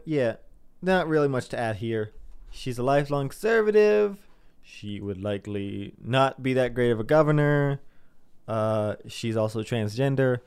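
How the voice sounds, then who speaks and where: A man's voice: medium pitch, a little mellow, smooth, dry recording, clean studio sound. A young man giving a casual, sarcastic commentary monologue, rambling and mocking people in put-on voices.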